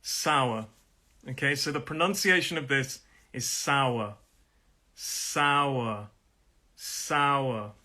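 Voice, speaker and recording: A middle-aged man teaching English pronunciation on a live stream, friendly and repeating each word slowly to show the stress. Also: mid-range voice, expressive, bright, forceful tone.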